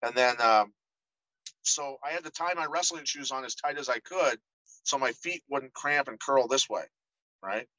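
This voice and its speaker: A middle-aged man tells stories as a podcast guest, animated and quick to act out the voices of the people he quotes. His voice is bright and forceful, and it sounds dry and close to the mic. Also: medium pitch, no room sound, muffled recording. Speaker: podcast guest, former fighter. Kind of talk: casual storytelling interview.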